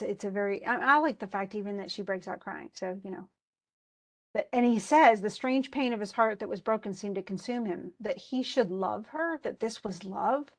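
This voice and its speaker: A woman college English instructor talks through a short story in a loose, chatty lecture. She reads passages aloud and then comments on them, restarting her sentences and using plenty of fillers. Her voice sits at a medium pitch. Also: a little mellow. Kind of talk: informal recorded lecture.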